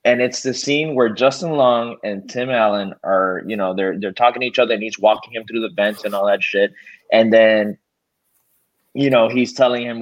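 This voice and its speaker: A man's voice: lowish voice, moderate pace. Swearing man with dull lo-fi sound. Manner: animated storytelling, swears freely, acts out quotes. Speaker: podcast co-host. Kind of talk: casual movie chat.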